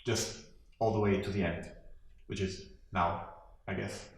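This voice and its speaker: An actor playing a cynical, washed-up male horse, a former sitcom star, delivering a sardonic, deadpan eulogy monologue. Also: deep voice, a little slow, vocal fry, a little hiss or hum. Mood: mock-cheerful. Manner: sardonic, deadpan, self-deprecating. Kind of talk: comic monologue performance. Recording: very echoey room.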